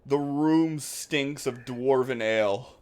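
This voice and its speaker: A man narrating a tabletop game as game master, with a dry, deadpan delivery. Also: mid-range voice, takes it slowly, clear, resonant tone.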